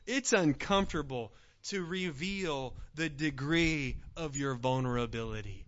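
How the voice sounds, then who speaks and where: A man preaching a sermon as pastor, swinging from hushed, searching questions to loud, urgent appeals. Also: high voice, dull audio. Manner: dynamic preaching, swinging from hushed pleas to near-shouts.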